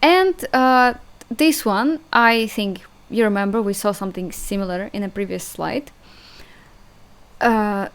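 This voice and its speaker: A young woman with a Russian accent, a native Russian speaker, teaching an online language lesson in a chatty, hesitant way, repeating sounds slowly and laughing at herself. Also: mid-range voice, clean tone.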